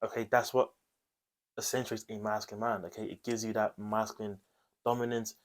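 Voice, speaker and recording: A man's voice: lowish voice, little pitch movement, a little fast. A man talking straight to camera, giving blunt advice in a coaching tone, tagging points with "okay?" and swearing casually. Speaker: self-improvement video host. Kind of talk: direct-to-camera advice monologue.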